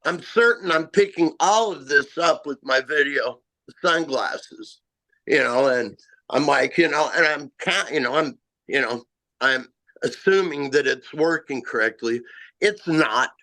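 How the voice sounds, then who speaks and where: Slow, halting man with a bright voice. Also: on the high side. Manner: halting, rambling, many "you know" and "uh" fillers. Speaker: eyewitness guest. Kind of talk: first-person encounter story.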